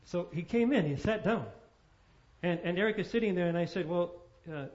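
A male pastor preaches a sermon, telling stories and posing rhetorical questions to his listeners. His voice sits high for a man. The recording sounds dull and lo-fi. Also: fairly quick, a little mellow.

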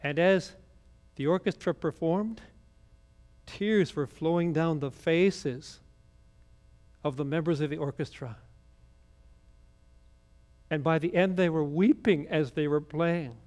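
A man's voice: a little high, a little slow, pauses often, darkish tone. A man preaching a sermon, retelling a gospel story with conversational asides to the congregation. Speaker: pastor.

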